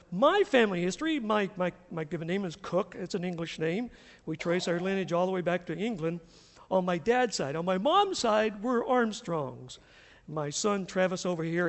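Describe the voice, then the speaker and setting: Middle aged southern us pastor preaching, high voice, chuckly storyteller, echoey church. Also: male voice, gravelly. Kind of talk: sermon with storytelling. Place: church sanctuary.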